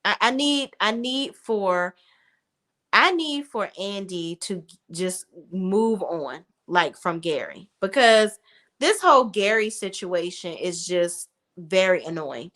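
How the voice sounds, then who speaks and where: Lively, blunt woman recapping a show. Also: medium pitch, slow. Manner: blunt and outspoken, with casual swearing. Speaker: TV recap reviewer. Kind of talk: casual TV recap commentary.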